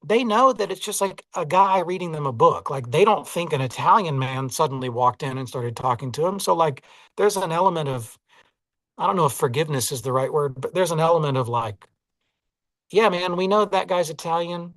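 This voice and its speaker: A Southern US man who narrates audiobooks speaks casually and reflectively as an interview guest, self-deprecating and hedging with lots of "like" and "you know." His voice is a little high, brisk, and somewhat bright with lively intonation, recorded dry.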